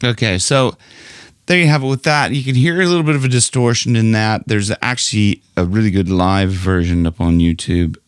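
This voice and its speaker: A middle-aged man teaching singing in a casual, chatty online lesson, who keeps breaking into loud nasal sung demonstrations. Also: on the low side, fairly quick, clear, resonant tone, no room sound, studio quality. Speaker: vocal coach.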